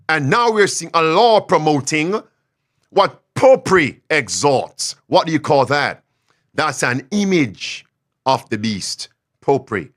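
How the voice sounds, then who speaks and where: Emphatic preacher man, lively pitch. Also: unhurried. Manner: emphatic, repeats phrases for stress; swings between loud declarations and quiet asides. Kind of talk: sermon.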